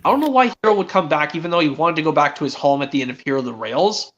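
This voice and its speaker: Bright-voiced teen boy rambling on stream. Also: fairly high pitch, rapid-fire, highs cut off. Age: teens. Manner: rambling, restarts often, quotes characters. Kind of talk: casual chat about a cartoon series.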